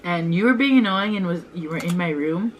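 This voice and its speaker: On a rough recording, an older sister who vlogs chats casually with her sister about growing up. Her fairly low voice is expressive and brisk, packed with "like" fillers and frequent laughter.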